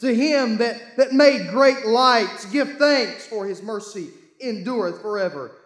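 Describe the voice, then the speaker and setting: A man preaching a sermon, reading scripture aloud and calling his congregation to read along, with bursts of shouting. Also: very high voice, expressive, measured pace, echoey room. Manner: call-and-response, urging the congregation to read along. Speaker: pastor.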